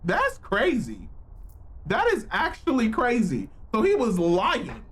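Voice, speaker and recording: Guy reacting to a game on stream, high pitched and unhurried, cussing and joking with chat. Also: breathy edge. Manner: animated, exclamatory, profane reactions; slangy, playful banter with chat. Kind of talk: live gameplay reaction commentary.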